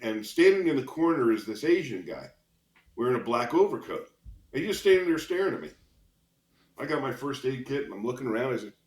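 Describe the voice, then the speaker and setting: A man in his sixties, a retired police officer, telling vivid stories as a guest in a podcast interview, chuckling as he goes. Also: medium pitch. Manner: lively anecdotal storyteller, chuckles between lines. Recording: roomy echo.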